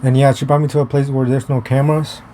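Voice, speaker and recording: A young man tells a story out of doors in a loose, meandering way, stumbling over restarts and dropping fillers and the odd curse. His voice sits at an ordinary middle pitch. Faint traffic hums in the background. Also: flat delivery, quick pace. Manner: rambling, profane, many fillers and restarts. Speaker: vlogger. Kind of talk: casual storytelling. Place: outdoors.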